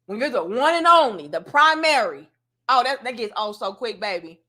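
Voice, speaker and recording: A woman's voice: on the high side, expressive, moderate pace, sharp tone. A woman hosting a casual commentary show, talking emphatically and straight to her audience like she is lecturing them.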